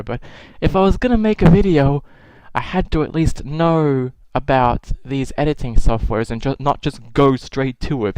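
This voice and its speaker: A man's voice: medium pitch, smooth, no room sound, low-quality recording. A young man casually commenting on his own old videos, self-mocking and swearing freely, with exasperated outbursts.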